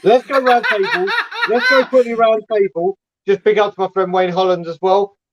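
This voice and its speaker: A man's voice: high voice, expressive, normal speed, very noisy. A man hosting a football podcast, friendly and calling people "mate". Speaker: podcast host.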